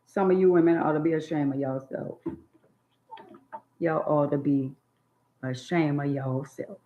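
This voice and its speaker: A woman's voice: low voice, steady tone, mellow, a little hiss or hum. An older woman, scolding in a blunt, preachy monologue on her channel. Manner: drawn-out emphatic words. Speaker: channel host. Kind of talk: opinionated monologue. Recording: dull lo-fi phone audio.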